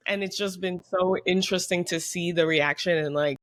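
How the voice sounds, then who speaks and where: A woman co-hosting a podcast in casual chat, lively and acting out quoted people. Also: normal speed. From United States. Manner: animated, acts out quoted voices with big pitch jumps. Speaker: podcast co-host.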